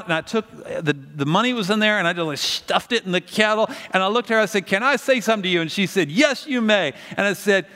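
A man preaching a sermon, telling a story with lively acted-out voices. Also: high-pitched, long reverb tail. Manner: animated storytelling, acts out voices. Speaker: pastor.

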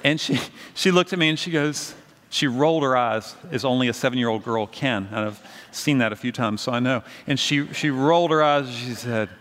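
A man's voice: mid-range voice, fairly quick, a bit bright, big-room sound. A middle-aged male pastor preaching a sermon in a conversational, storytelling way, often asking the congregation questions.

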